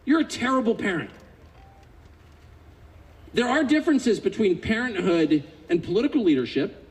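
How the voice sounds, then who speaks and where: Californian man, 50s, high-pitched and animated, sarcastic political speaker on stage. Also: moderate pace, poor audio. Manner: sarcastic, mocking, builds to indignant outbursts. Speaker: public speaker. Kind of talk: political speech to a live audience.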